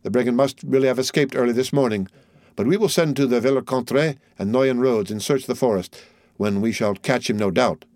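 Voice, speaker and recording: A brisk, commanding police sergeant, voiced by a male narrator, barks out orders in an audiobook. The sound is dry and close, with no room echo. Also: mid-range voice, a little mellow, natural voice. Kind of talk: audiobook character voice.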